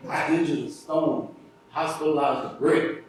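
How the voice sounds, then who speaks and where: A man's voice: fairly high pitch, steady tone, measured pace, a little hiss or hum, lightly acted. Cocky rhyming boxer, put on by a male speaker; taunting, rhythmic boasts, distant roomy sound. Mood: boastful. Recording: echoey room heard from afar.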